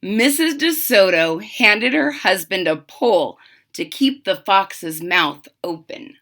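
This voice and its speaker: A woman teacher reading a picture book aloud to children, expressive, with chatty asides to the class. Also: mid-range voice, takes it slowly.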